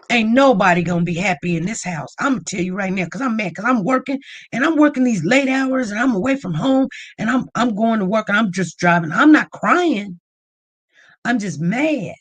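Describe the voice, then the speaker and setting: A woman tells a story on her livestream in a casual, chatty way. Her delivery is animated, and it climbs to loud near-shouts when she gets worked up. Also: medium pitch, normal speed. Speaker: livestream host.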